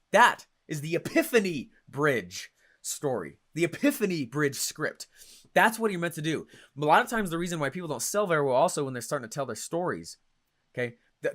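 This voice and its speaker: An energetic young man coaching an audience on marketing, his voice sitting a little higher than most men's. He talks in short punchy bursts and keeps asking "right?" and "okay?" as he goes. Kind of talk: stage-style teaching talk.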